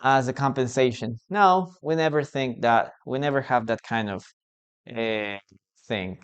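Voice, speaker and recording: English teacher, live online class, talks real slow, drills words over and over. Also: medium pitch, clear, resonant tone. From Peru. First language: Spanish. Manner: repetitive, drills pronunciation, asks the class questions.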